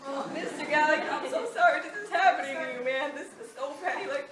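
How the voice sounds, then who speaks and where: High-voiced teen girl, defiant public comment, echoey room, far from mic, crowd behind. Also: quick pace. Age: teens. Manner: defiant, angry, laughing between words. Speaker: student speaking at public comment. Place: crowded school meeting room.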